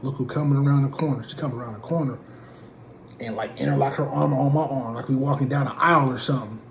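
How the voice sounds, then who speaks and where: A man from Portland telling a comic story in an animated, slangy way. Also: mid-range voice, fast talker, crowd noise. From Portland, USA. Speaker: comedic storyteller. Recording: roomy with faint ambience.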